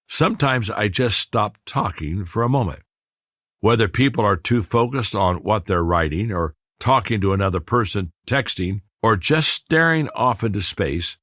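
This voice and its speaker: A middle-aged man narrating an audiobook in a measured, deliberate way, leaning on pauses for emphasis. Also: lowish voice, a bit bright, dry recording, studio quality.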